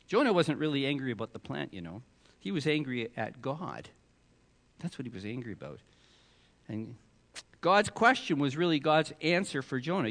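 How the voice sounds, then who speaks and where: Animated preacher man in a reverberant hall. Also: fairly high pitch, normal speed. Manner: animated, acts out voices of biblical figures. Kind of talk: sermon.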